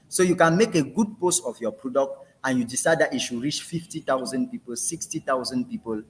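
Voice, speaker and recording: A man leads a training session in a fairly high, lively voice that rises and falls a lot. He repeats key phrases for emphasis and drops in casual asides as he explains.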